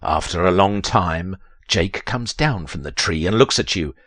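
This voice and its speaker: Guy reading a text adventure out loud, low voice, swoops up and down a lot, real dramatic. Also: expressive, measured pace, dry recording, studio quality. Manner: theatrical, leaps to high strained pitch on quoted lines. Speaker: voiceover narrator.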